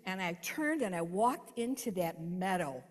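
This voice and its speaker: Middle-aged woman sharing her faith story, earnest, goes quiet then loud, big hall reverb. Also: lowish voice, expressive, unhurried. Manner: earnest storytelling, swings between hushed and emphatic. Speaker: testimony speaker. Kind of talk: personal faith testimony.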